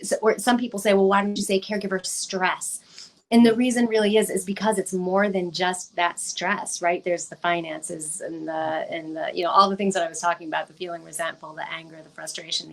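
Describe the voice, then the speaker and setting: A woman researcher answering interview questions in a measured, explanatory way, clearing her throat as her voice gives out. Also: medium pitch. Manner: measured, explanatory, repeats words when restarting. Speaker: researcher guest.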